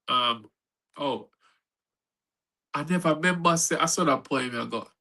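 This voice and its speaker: A man reads his poems in a very bright, ringing voice that sits a little high. His delivery swings between a steady rhythmic recital and loose, rambling asides to the audience. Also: a little slow, long pauses, rough recording. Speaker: performing poet. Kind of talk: spoken-word poetry reading. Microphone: online event recording.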